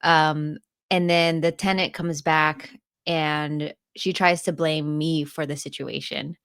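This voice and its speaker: A woman's voice: low voice, fairly even intonation, slow, fairly bright tone, clear, resonant tone, dry recording, clean studio sound. A woman co-hosting a podcast, telling a story in casual chat and laughing often as she retells it. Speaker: podcast co-host and landlord.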